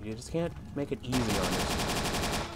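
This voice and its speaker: A young man giving chatty, animated commentary while playing a game, shouting at enemies now and then. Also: medium pitch, moderate pace. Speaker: gaming commentator. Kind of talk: casual gameplay commentary. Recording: faint game noise behind.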